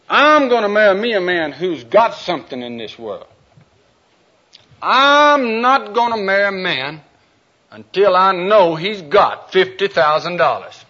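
A man putting on a high, demanding young woman. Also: pushed and bright, full character voice. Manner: high, insistent, bargaining. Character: demanding young woman set on a rich husband. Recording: dull lo-fi recording.

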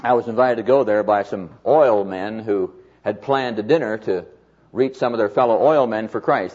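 A man preaching a sermon to a live audience, telling stories in a folksy way and slowing down to stress key phrases. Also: fairly low pitch, darkish tone, slightly rough. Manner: folksy storytelling with emphatic slowed phrases. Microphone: mic on stand or lapel. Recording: dull lo-fi recording.

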